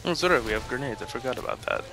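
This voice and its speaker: A man's voice: mid-range voice, lively intonation, rapid-fire. A young man playing a game with a friend at home, joking and laughing often. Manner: jokey, laughs often, playful. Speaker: gameplay co-commentator. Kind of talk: casual gaming chat. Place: home, at a computer. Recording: game music clearly heard behind.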